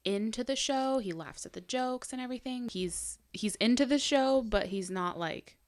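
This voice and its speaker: A woman's voice: a little high, moderate pace. A young adult woman co-hosting a podcast, talking in a chatty casual way full of "like" and "um". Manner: chatty, lots of "like" and "um". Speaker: podcast co-host, mother. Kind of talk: casual chat.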